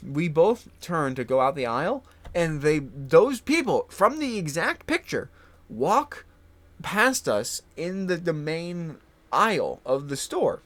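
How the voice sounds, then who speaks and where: A young adult man chatting casually about his week, laughing often and swearing, jumping into high voices when he quotes people. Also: fairly bright tone. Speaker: gaming vlogger. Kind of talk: casual storytelling chat.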